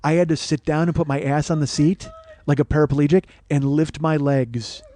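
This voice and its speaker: A man hosting a podcast, telling a comic personal story in a profane, animated, self-mocking way. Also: on the high side, moderate pace. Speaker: podcast host. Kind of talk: comedic storytelling monologue.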